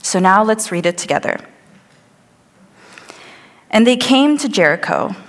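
In a church sanctuary, a woman with a mid-range, sing-song voice preaches a little slowly. She tells the scripture scene vividly, acting out the voices of the crowd, and the recording carries a long hall reverb.

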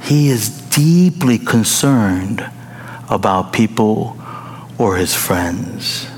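A man preaching a sermon and telling a personal story, in an animated way with high excited bursts. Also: extremely slow, slight background noise. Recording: long reverb of a large hall.

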